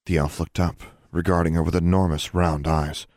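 A man reading a story aloud, expressive and giving each character a voice. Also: deep voice, normal speed, dry recording, clean studio sound. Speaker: audiobook narrator. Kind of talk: storybook narration.

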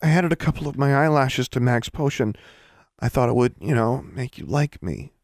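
A man's voice: medium pitch, animated, moderate pace, a little mellow, no room sound, clean studio sound, pitched above the performer's own voice, lightly acted. A man voicing a sheepish young girl who speaks in a small, mumbling voice.

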